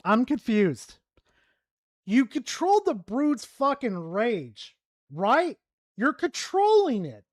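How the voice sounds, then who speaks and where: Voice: mid-range voice, sing-song, slow pace, dry recording, studio quality. A streamer rambling and swearing in frustration while commentating a game. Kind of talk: gaming commentary while playing.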